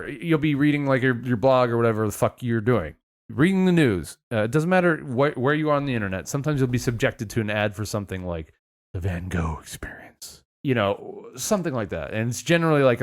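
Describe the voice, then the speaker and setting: A man's voice: mid-range voice, animated, quick pace. A man co-hosting a podcast, rambling in a casual, sarcastic way and swearing often. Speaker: podcast co-host.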